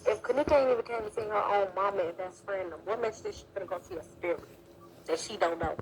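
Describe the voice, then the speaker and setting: A woman's voice: mid-range voice, quick pace, a little hiss or hum, low-quality recording. A woman in casual live-stream chat, talking loosely and slangily straight to her viewers.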